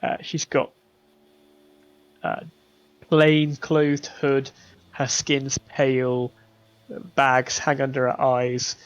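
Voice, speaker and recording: A man's voice: mid-range voice, flat delivery, drawn-out words, pauses often, clear, resonant tone, no room sound. Man, game master, hesitant narration, fillers, dull lo-fi stream audio.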